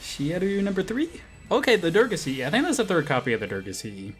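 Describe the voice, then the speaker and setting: Excitable man pleading with a gacha game. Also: high voice, fast talker, faint music behind. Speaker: game streamer. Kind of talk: gacha roll commentary.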